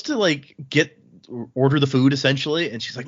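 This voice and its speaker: A man's voice: mid-range voice, wildly swooping pitch, fairly quick, fairly bright tone, muffled recording, slight background noise. A man hosting a book podcast, retelling scenes in casual chat and acting out the dialogue in shifting voices. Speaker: podcast host recapping a book.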